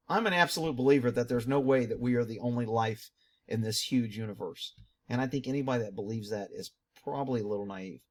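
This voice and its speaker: A middle-aged man hosting his own channel, reading viewer comments aloud and answering them in a chatty, animated way with muttered asides. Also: mid-range voice. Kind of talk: casual commentary.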